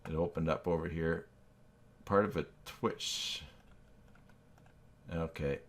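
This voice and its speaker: A man with a notably low, deep voice hosts a casual live stream. He thinks aloud as he works and reads his chat, and he pokes fun at himself along the way. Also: steady tone, slow, a little hiss or hum. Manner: thinks aloud, reacts to chat, self-deprecating.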